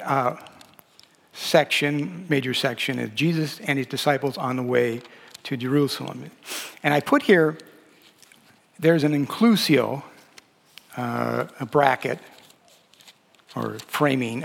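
A man's voice: fairly high pitch, gravelly. A man teaching a Bible lesson, talking loosely with many fillers and restarts as he reads and explains. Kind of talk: lecture on a gospel. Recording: long hall reverb.

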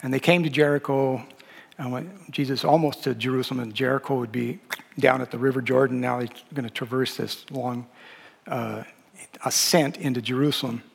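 A man's voice: mid-range voice, steady tone, moderate pace, creaky, breathy edge. A man teaching a Bible lesson, talking loosely with many fillers and restarts as he reads and explains. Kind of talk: lecture on a gospel. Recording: long hall reverb.

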